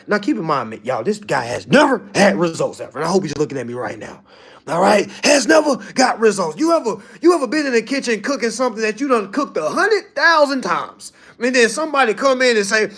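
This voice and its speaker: Brash male coach, high voice with big swings, blunt and teasing with his clients. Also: a little fast, breathy edge. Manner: blunt, preachy, keeps asking "All right?"; animated, mocking and laughing at his audience. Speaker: business coach addressing clients.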